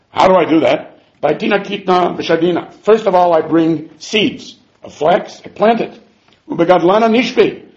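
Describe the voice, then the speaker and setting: A man teaching a Talmud class, animated, who acts out the quotes and chuckles now and then. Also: a little high, fairly quick. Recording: muffled lo-fi recording.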